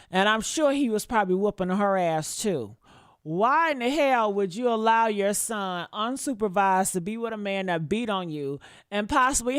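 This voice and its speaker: A woman's voice: mid-range voice, no room sound, clean studio sound. Blunt, profane woman livestreamer. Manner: blunt, profane, repeats points for emphasis; talks straight to her chat, asks for likes. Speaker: livestream commentator. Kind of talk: reaction commentary to viewers.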